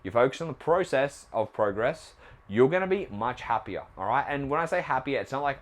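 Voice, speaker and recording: A young man hosts a fitness podcast at a medium pitch. He talks bluntly and swears freely. He keeps firing rhetorical questions at his listeners. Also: expressive, quick pace. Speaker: podcast host and trainer. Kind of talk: casual motivational monologue.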